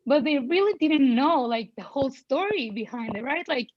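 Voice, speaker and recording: A woman in her thirties, a parent on a panel, telling her own story in an outspoken, animated way with many fillers and voiced quotes. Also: sits high, moderate pace, no echo, dull audio. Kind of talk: personal storytelling in a panel conversation.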